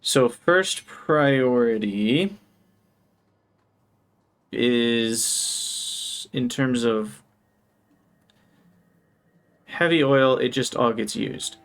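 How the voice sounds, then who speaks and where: Male live streamer with some vocal fry, mid-pitched, talks through his plans and greets chat cheerfully. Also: extremely slow, long pauses. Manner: thinks aloud while planning, brightens to greet chat. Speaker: game streamer. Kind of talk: live gameplay commentary.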